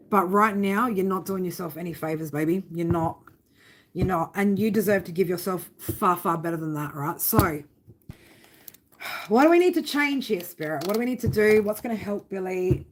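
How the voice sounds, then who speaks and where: A woman's voice: on the low side, a little hiss or hum. Blunt, tough-love woman tarot reader. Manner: blunt, swearing, fond tough-love talk with many "right?" tags. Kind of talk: live tarot reading for viewers.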